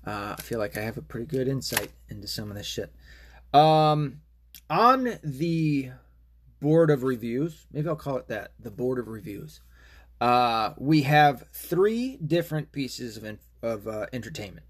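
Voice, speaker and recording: A man's voice: medium pitch, big pitch swings, measured pace, breathy edge. Profane, rambling male podcast host. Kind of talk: casual monologue.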